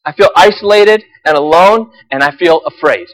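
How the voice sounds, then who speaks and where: A man's voice: on the high side, moderate pace, a bit bright, lightly acted. A man preaching who voices a weary, disillusioned prophet pleading earnestly with God. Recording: long hall reverb.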